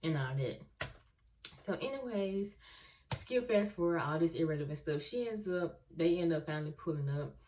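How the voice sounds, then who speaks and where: A woman's voice: low-pitched, moderate pace. A young woman telling a story casually and animatedly to her viewers. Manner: animated, talks straight to viewers. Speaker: vlogger.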